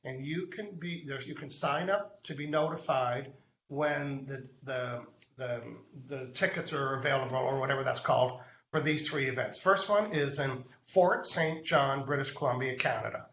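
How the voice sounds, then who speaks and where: A man hosts a live show and tells a chatty story straight to the viewers. His voice is bright and forceful. The sound is roomy and a little dull. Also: mid-range voice, normal speed. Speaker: host. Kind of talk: live online show chat.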